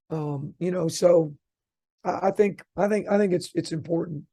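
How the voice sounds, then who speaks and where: A man's voice: fairly high pitch, steady tone, brisk, warm tone. A middle-aged man, a college basketball coach, telling rambling, chatty anecdotes as an interview guest, with many restarts.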